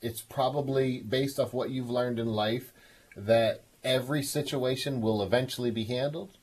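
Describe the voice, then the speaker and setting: A man's voice: medium pitch, fairly even intonation, normal speed, darkish tone, husky. A man hosting a call-in show on emotional well-being, coaxing a caller with encouragement and frequent laughter. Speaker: radio show host. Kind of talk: call-in counseling talk.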